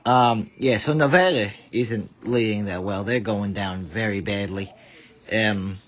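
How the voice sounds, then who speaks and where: A man's voice: fairly low pitch, measured pace, fairly bright tone. A tired man giving rambling casual live commentary, stumbling over his words. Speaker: vlogger. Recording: dull lo-fi audio.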